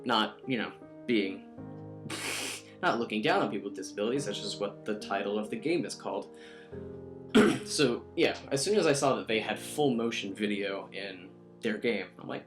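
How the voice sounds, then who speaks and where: A young man giving casual, profane, rambling commentary on a visual novel playthrough, tossing in quick character voices. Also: lowish voice, expressive, faint music behind. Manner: rambling, profane, self-mocking, mimics characters in quick asides. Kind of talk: casual let's-play commentary.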